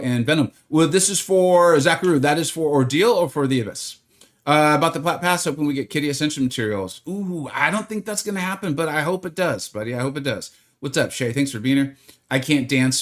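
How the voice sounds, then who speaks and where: A man streaming a game live, chatting casually and greeting viewers by name in a rambling, friendly way. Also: mid-range voice. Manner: rambling, with many fillers.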